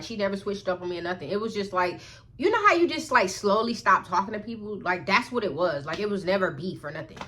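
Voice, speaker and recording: A young woman vlogger telling a storytime in a chatty, expressive way, often talking straight to her viewers. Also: slight background noise. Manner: chatty, expressive, keeps addressing viewers as y'all; acts out quoted lines in a higher put-on voice. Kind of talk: storytime vlog.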